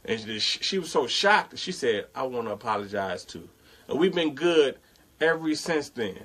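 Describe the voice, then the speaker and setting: A man's voice: fairly high pitch, moderate pace, husky. A young man casually telling a story on a talk show and acting out what other people said. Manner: animated retelling, acts out others' lines. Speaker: podcast co-host.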